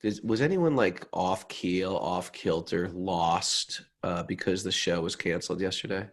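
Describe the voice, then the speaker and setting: A man's voice: low voice, a little slow. A man co-hosting a casual podcast, joking and bantering playfully. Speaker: podcast co-host.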